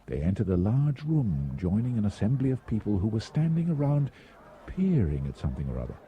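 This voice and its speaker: A man's voice: on the low side, big pitch swings, brisk, slight background noise. A man reading a travel story aloud in a wry manner, with frequent small restarts, on a dull lo-fi recording.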